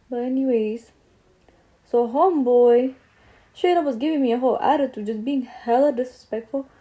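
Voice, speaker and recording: A woman's voice: a little high, warm tone. A young woman chatting casually as she tells a story while doing her makeup, slangy and drifting off on tangents. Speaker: beauty vlogger.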